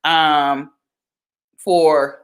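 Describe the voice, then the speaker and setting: A young woman from Georgia, chatting casually on a livestream, animated and talkative. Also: sits low, very slow. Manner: chatty, animated, breaks into sung exclamations. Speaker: livestream host.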